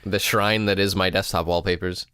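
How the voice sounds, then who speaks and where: A man's voice: low-pitched, steady tone, moderate pace, bright, forceful tone, clean tone, no echo, clean studio sound. A man co-hosting a casual podcast chat, joking and teasing. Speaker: podcast co-host.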